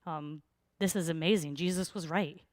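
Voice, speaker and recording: A woman's voice: on the low side, fairly even intonation, moderate pace, dry recording, clean studio sound, lightly acted. A woman voicing an amazed, nervous man with a breathless sense of wonder.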